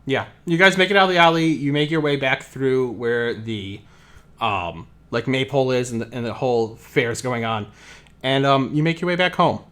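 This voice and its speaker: A man's voice: medium pitch, normal speed, a bit bright. A man narrating as game master in a casual tabletop session, rambling and full of fillers.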